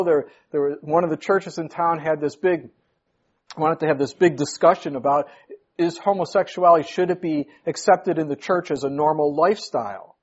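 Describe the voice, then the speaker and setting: A man's voice: on the high side, moderate pace, husky. A male pastor preaching a sermon, emphatic, his voice rising sharply on key points. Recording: muffled lo-fi recording.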